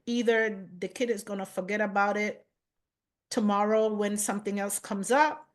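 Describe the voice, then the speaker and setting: A woman chef as an interview guest, speaking in a measured, reflective way about her life. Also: medium pitch, fairly even intonation.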